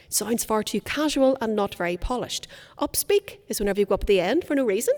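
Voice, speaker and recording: Crisp woman coaching in a reverberant hall. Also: a little high, animated, fairly quick, darkish tone. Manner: crisp, clearly enunciated, theatrical emphasis. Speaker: speaking coach. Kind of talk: conference workshop talk. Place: conference hall.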